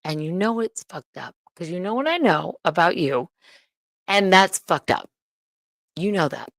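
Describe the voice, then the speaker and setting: A woman's voice: fairly low pitch, sing-song, normal speed, gravelly, no echo. Profane, heated woman ranting on a livestream. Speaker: livestream host.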